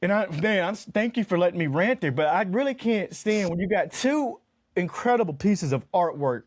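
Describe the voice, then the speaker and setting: A man with a high, very lively voice rants through his points on a podcast, mock-exasperated and playful. The sound is dry and close. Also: moderate pace, no room sound. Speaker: podcast co-host. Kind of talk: ranting casual chat.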